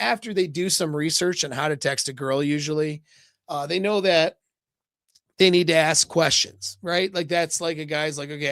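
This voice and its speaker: A man giving a live dating-coach talk in a casual, loose way, full of fillers and quick "right?" checks. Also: fairly high pitch, fairly bright tone, dry recording, clean studio sound.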